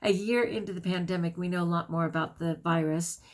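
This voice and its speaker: A vlogger and teacher with a low, steady voice talks casually to camera and reads an article aloud. She speaks quickly and chattily, with many fillers and self-corrections.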